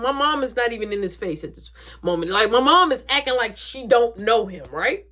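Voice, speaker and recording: Animated young woman telling a family story. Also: fairly high pitch, brisk. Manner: animated, acts out quoted voices, drops to whispers. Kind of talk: casual storytime.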